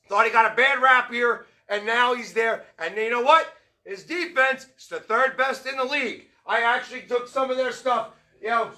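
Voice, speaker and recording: Male sports fan host, very high and sharp-toned, loud rambling rant. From Philadelphia area. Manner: fired-up, shouting, rambling. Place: tavern.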